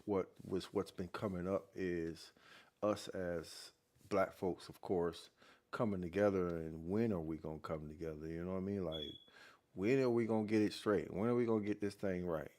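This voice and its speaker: A man hosting a vlog, giving casual commentary in a halting way with fillers that grows more emphatic. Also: deep voice. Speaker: vlog host.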